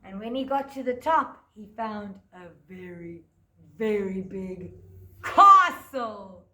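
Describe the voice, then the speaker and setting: A woman, a teacher telling a fairy tale to young children and guiding a craft, in a gentle sing-song voice that stretches words out. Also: mid-range voice, expressive, takes it slowly, reverberant. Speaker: preschool teacher. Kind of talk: storytelling and craft lesson for children.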